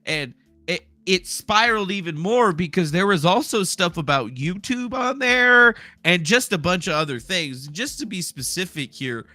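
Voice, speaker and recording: A man's voice: high voice, lively intonation, moderate pace, pushed and bright, dry recording. A man hosting a casual commentary stream, rambling, sarcastic and profane. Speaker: streamer host.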